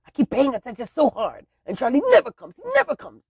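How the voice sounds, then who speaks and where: A woman's voice: wildly swooping pitch, creaky, a little mellow, breathy edge, no room sound, studio quality, full character voice. A woman voicing her older father as a bewildered, stubborn man who stalls on "eh" fillers and insists he is right. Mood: insistent. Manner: pitched up, halting with "eh" fillers.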